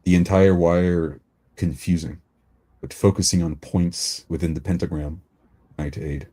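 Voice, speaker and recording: A man narrating a tabletop game as game master, descriptive and deliberate. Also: low-pitched, fairly even intonation, warm tone, husky.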